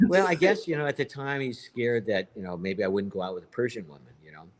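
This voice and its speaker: A man's voice: medium pitch, lively intonation, fast talker. A man in his fifties telling a long personal story on a live stream, rambling and circling back to repeat himself.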